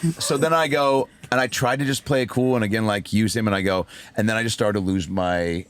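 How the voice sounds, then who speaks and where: A man, a comedian, telling a story in a casual podcast chat, animated, acting out voices and swearing freely. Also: fairly low pitch, a little fast, clean tone. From raised by a single mother. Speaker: comedian guest.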